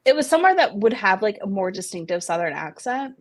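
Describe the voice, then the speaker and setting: A woman's voice: medium pitch, sing-song, quick pace. A young woman from the American South in a casual group chat, chatty and hedging with many fillers.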